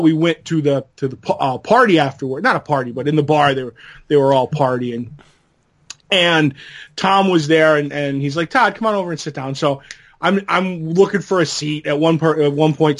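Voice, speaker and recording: A man's voice: on the high side, fairly bright tone. A middle-aged man co-hosting a podcast, chatting casually and telling long, rambling anecdotes with a laugh now and then. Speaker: podcast co-host. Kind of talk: casual chat.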